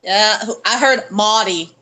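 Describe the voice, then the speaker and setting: A woman in casual group chat, making wry, quick quips. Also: medium pitch, pushed and bright, low-quality recording.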